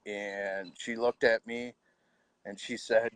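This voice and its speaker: Soft-spoken man, halting and heartfelt. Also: fairly low pitch, little pitch movement, no echo. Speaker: widower telling his story. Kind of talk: personal storytelling.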